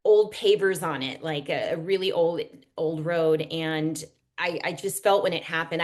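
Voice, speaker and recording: A woman guest on a podcast, an author and speaker, talking in a relaxed way with lots of fillers. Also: fairly low pitch. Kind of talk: casual podcast interview.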